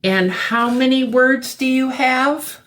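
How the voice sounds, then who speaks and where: A middle-aged woman teaching a vocabulary lesson, slow and deliberate, repeating words for her learners. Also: high voice, a bit bright.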